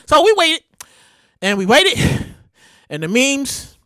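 A man giving excitable, slangy, casual commentary, often loud and drawn out on exclamations. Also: very high-pitched, takes it slowly, no echo.

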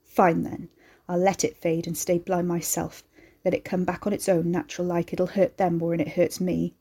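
A woman voicing a bitter, self-pitying young man who talks in a gruff, sniffly mutter. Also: fairly low pitch, little pitch movement, normal speed, mellow. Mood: sulky. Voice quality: gravel gruff.

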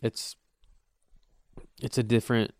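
A man's voice: medium pitch, little pitch movement, slow pace, darkish tone, no echo, clean studio sound. A young man hosting his own podcast, rambling casually and swearing, joking at his own expense. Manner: rambling, profane, self-mocking. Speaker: podcast host. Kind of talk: casual solo podcast monologue.

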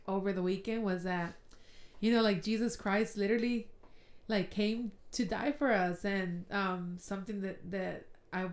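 A teary-eyed woman sharing her faith on a casual podcast, heartfelt and emotional as she speaks. Her voice sits at a middle pitch and rings a bit in a roomy space. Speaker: co-host of a Christian podcast. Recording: roomy echo.

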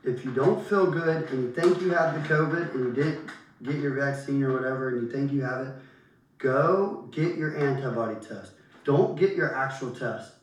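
A man's voice: medium pitch, moderate pace. Laid-back host guy, off mic, lots of room echo, bit of hiss behind. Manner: casual, laughs while asking questions. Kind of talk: casual interview. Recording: very echoey room, distant mic, faint hiss.

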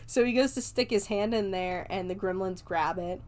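Woman, movie reviewer, relaxed profane recap, laughs a lot, mid pitch. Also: normal speed. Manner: loose and profane, laughs often, jokes along.

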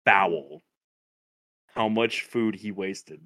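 A man's voice: lowish voice, extremely slow, a bit bright, no echo. A man co-hosting a podcast, telling a loose, profane story in casual chat and laughing as he goes. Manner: loose, profane, laughs through his stories. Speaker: podcast co-host. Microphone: podcast microphone.

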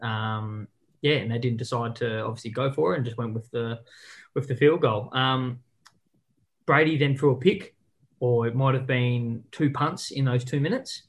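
A man's voice: mid-range voice, moderate pace. A man, co-hosting a casual sports chat over a video call and talking over the others. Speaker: podcast co-host.

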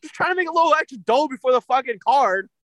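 A young man ranting and swearing in casual podcast chat, excitable and blunt. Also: very high-pitched, fast talker, no echo. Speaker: podcast co-host.

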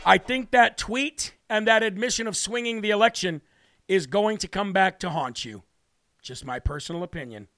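A man's voice: sits high, moderate pace, fairly bright tone, no room sound. A man hosting a political talk show, delivering a brash, combative monologue, openly worked up and hammering his points with repeated declarations. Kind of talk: heated political commentary monologue.

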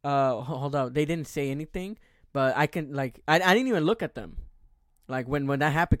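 A young man in his twenties hosting a podcast, telling a story with lots of swearing and restarts. His voice sits a little high, and the recording is dry and close, with no room sound. He is animated and rambling. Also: a little fast, no echo. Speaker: podcast host. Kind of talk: casual storytelling chat.

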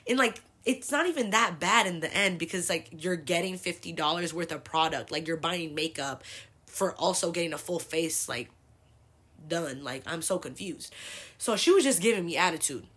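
A woman's voice: on the low side, expressive, moderate pace, a bit bright, breathy edge. A young woman from the San Francisco Bay Area, hosting a podcast and telling a rambling, profane story with a lot of "like". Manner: profane, rambling, heavy use of like. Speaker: podcast host. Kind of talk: casual storytelling.

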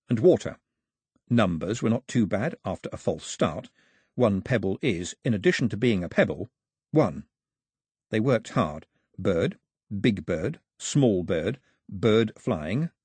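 A man narrating an audiobook in an expressive, storytelling manner on a close studio mic. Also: on the low side, husky, no echo. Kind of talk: scripted narration.

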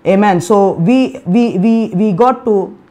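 A man's voice: high-pitched, slow. A man preaching a sermon, often repeating himself and restarting his words, and saying "Hallelujah" and "Amen" again and again. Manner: emphatic preaching, rising loud in bursts, with repeated "Hallelujah" and "Amen".

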